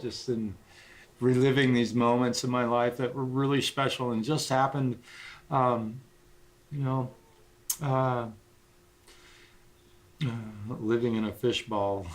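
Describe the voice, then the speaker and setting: A man's voice: medium pitch, fairly bright tone. A middle-aged man livestreaming as a guitarist, chatting casually in a rambling, sentimental way with frequent swearing.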